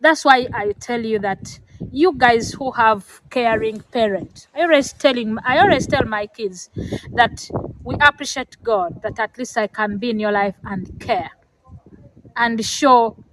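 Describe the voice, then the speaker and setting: A woman's voice: a little high, unhurried, noisy background. A middle-aged woman from Africa giving an earnest, lecturing talk about parenting, with many fillers and restarts, emotional and near tears. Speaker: vlogger. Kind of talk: emotional personal talk to camera.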